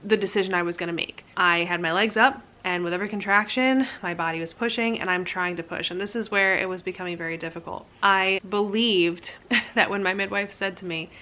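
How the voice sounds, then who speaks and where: A woman's voice: medium pitch, steady tone, a little fast, bright, forceful tone. A young woman casually telling her birth story to camera, candid and chatty, full of "like" fillers and self-mocking laughs.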